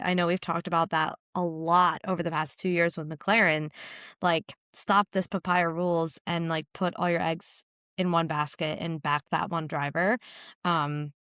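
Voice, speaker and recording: A woman's voice: fairly low pitch, fairly bright tone, smooth, dry recording, clean studio sound. A woman from the United States co-hosting a motorsport podcast, chatting casually and frankly with frequent laughs. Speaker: podcast co-host. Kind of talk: casual chat.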